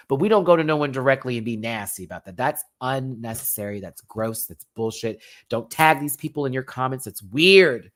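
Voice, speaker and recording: A man's voice: mid-range voice, expressive, a little fast, fairly bright tone. A man who is feeling unwell and a little out of breath, hosting a casual live stream and affectionately preaching kindness to his viewers. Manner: affectionate, preachy, calls viewers baby and y'all. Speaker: drag show reviewer and live stream host.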